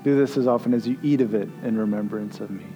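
A man's voice: fairly low pitch, fast talker, music in the background. A male pastor giving a conversational sermon and leading communion, rising to emphatic peaks.

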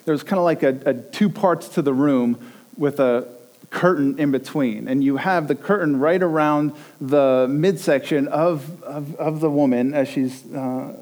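A man, likely in his thirties, preaching a sermon and telling a lively personal story, acting out the quotes. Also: unhurried, rough recording. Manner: animated storyteller, acts out quotes with rising pitch. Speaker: pastor.

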